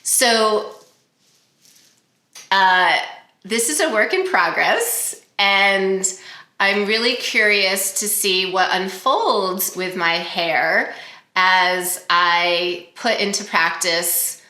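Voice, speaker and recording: A woman hosting a reflective spiritual self-help talk, speaking gently and earnestly, pausing often with fillers. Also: mid-range voice. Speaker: host. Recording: roomy echo.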